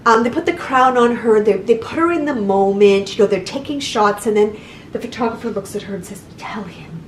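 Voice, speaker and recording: A woman co-hosting a casual chat, talking in a chatty, animated way and often correcting herself. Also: a little high, fairly quick. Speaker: co-host. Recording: echoey room, faint noise.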